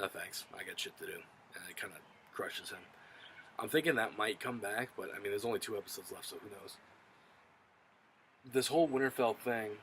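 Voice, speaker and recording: Man, low-pitched, bright forceful tone, casual profane recap, faint background hiss. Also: rough recording. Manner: loose, profane, filler-heavy storytelling. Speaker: show reviewer.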